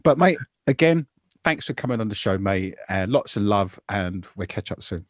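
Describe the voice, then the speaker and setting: A man in his fifties hosting a podcast, chatting casually and telling an animated, rambling story, calling everyone "mate". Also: fairly low pitch, normal speed, no echo, studio quality. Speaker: podcast host.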